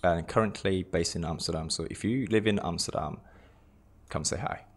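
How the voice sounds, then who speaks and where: Japanese guy in his 20s, low voice, british-ish english, rambly and jokey. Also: normal speed. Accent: British-tinged English. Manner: loose and chatty, repeats words, jokey asides. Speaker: lifestylist introducing himself. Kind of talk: casual self-introduction talk.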